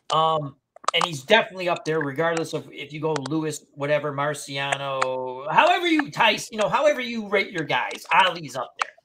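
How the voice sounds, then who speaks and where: A man hosting a casual live-stream chat, rambling and opinionated, restarting sentences often. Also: sits high. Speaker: host. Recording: noisy home mic.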